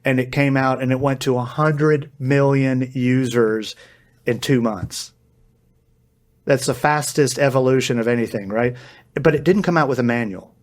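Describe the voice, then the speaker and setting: Man, podcast guest, energetic, explanatory, mid pitch. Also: moderate pace. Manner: energetic, explanatory, acts out quoted dialogue. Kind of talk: podcast interview.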